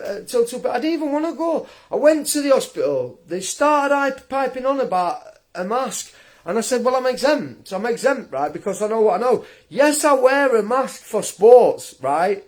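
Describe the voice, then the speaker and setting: Indignant man, high-pitched rant. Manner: indignant, blunt and combative, with restarts. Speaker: vlogger. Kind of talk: ranting direct-to-camera monologue.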